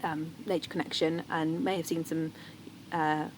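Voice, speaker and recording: Woman, podcast co-host, casual enthusiastic chat, lowish voice, clear background noise. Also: flat delivery, moderate pace. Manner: enthusiastic, acts out her children's voices.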